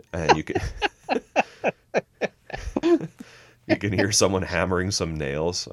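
Co-hosting a music podcast, a man breaks down an album song by song in loose conversation, with sarcastic dry humor and frequent laughter. He speaks at an extremely low pitch with vocal fry.

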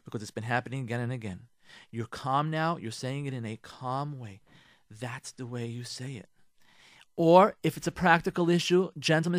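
This male radio host gives marriage advice at a medium pitch, stressing and repeating his key points while speaking right to his audience. He weaves in religious words from Hebrew and Yiddish, and the dry recording has studio quality.

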